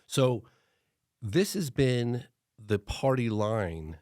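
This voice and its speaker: A middle-aged man, a documentary filmmaker and podcast guest, telling a long story in lively conversation and slipping into other people's voices when he quotes them. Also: mid-range voice, drawn-out words, no room sound, studio quality. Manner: acts out other people's lines in changed voices.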